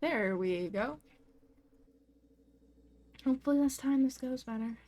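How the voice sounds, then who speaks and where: A young woman talks her way through a video game in a relaxed, unhurried way. Her voice sits slightly high, and she's easily spooked, yelping and apologizing to the creatures around her. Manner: chatty, easily startled, squeals and apologizes to creatures. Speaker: gamer. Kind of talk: casual let's-play commentary.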